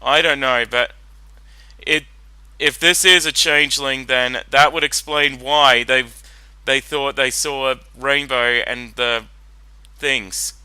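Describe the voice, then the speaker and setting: A man's voice: medium pitch, steady tone, slow, sharp tone, smooth, no echo, low-quality recording. A man giving casual commentary while watching a cartoon, rambling and hesitant, often correcting himself. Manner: rambling, hesitant, self-interrupting. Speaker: reaction video host.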